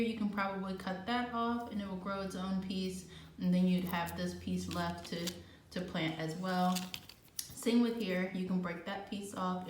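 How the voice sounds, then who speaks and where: An easygoing woman with a fairly low voice talks through a gardening how-to. She speaks in a relaxed, chatty way and thinks aloud as she goes. The sound is roomy and echoey, with a faint hum behind her. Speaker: gardening channel host. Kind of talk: casual how-to chat. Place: home kitchen. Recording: echoey room with faint background noise.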